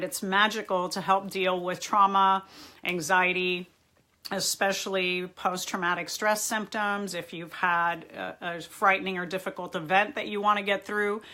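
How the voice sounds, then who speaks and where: A woman's voice: mid-range voice, sharp tone. A woman from Southern California, a therapist hosting a casual live-stream chat from a home library, upbeat and chatty, greeting viewers by name. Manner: hyper, talks fast. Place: library room at home, indoors.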